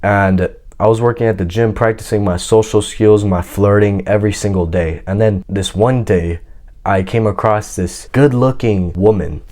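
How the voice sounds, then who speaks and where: Low-voiced man telling a boastful story. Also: moderate pace, a little mellow. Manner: boastful, slangy, confident. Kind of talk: casual personal storytelling.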